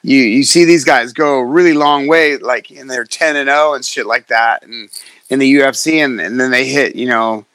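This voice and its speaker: A middle-aged fighter, appearing as a guest, tells stories in casual chat, profane and animated as he acts out quotes. His voice is medium-pitched at a moderate pace, with no echo.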